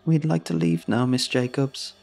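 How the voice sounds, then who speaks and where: A man's voice: mid-range voice, sing-song, normal speed, vocal fry, a little mellow, faint music behind, pitched above the performer's own voice. A man voicing a frightened young boy, pleading and scared, in a horror story reading.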